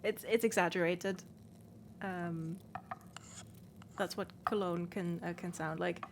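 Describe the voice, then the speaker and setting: A woman's voice: on the low side, fairly even intonation, slow pace, creaky, background noise. A woman from northern Germany, a native German speaker with a northern German accent, chatting casually while playing a game and explaining things with many fillers. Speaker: let's play streamer. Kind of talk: casual gameplay chat.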